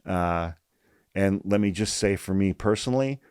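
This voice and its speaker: Guy ranting on his podcast, lowish voice, swears a lot, repeats himself to hammer it home. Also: normal speed, a little mellow, smooth, no room sound, clean studio sound. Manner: blunt, heated, swears often, repeats points for emphasis. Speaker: podcast host. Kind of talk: political commentary podcast, reading an article aloud.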